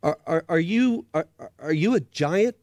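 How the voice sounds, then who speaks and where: A man's voice: a little high, big pitch swings, moderate pace, darkish tone, no echo, pitched above the performer's own voice. A man doing a terrified stammering young boy. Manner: stammering, pleading, near screaming. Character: frightened young boy, stammering and self-pitying.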